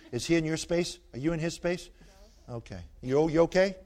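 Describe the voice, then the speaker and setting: An older man preaching a sermon, animated and joking as he tells stories and teases his listeners. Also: on the high side, moderate pace.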